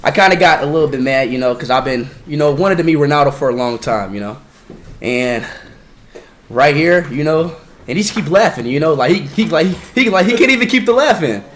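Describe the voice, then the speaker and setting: A man's voice: a little high, animated, a little fast, a bit bright, a little hiss or hum. A man talking casually to the camera, rambling and apologizing with lots of filler words.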